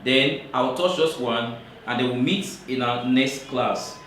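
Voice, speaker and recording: A man teaching English grammar in a classroom lecture, talking slowly and repeating key points for emphasis. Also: medium pitch, fairly bright tone, slight background noise. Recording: very echoey room, voice from far off.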